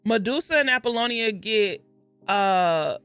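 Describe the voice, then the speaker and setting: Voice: mid-range voice, animated, unhurried, fairly bright tone, clean tone, faint music behind. A video host giving a rambling, casual recap of a book, with asides and self-corrections.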